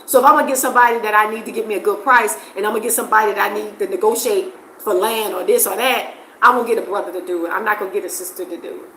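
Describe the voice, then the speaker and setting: An expressive woman from the States, chatting casually to camera. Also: medium pitch, rapid-fire, echoey room, slight background noise, poor audio. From United States. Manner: expressive, animated, laughs often. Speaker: vlogger.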